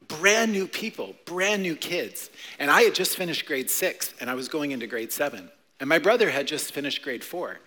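A man in his forties, a pastor preaching a playful, animated sermon to a church congregation. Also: on the high side. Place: church sanctuary. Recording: long hall reverb.

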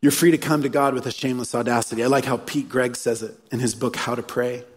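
A man's voice: mid-range voice, steady tone, quick pace, slightly rough. A man preaching a sermon as a pastor, earnest and storytelling, repeating key phrases. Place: church hall. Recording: live sermon in a reverberant hall.

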